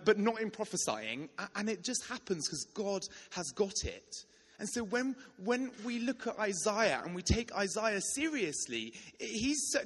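A young man in his twenties preaching a sermon built around a personal story, told with animated energy and many restarts. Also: high voice, long reverb tail.

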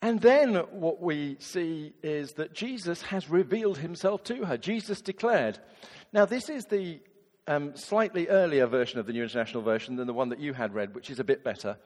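A man, a vicar giving a chatty, animated sermon and acting out quotes in different voices. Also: a little high, normal speed, long reverb tail. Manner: lively, conversational preaching with acted-out quotes.

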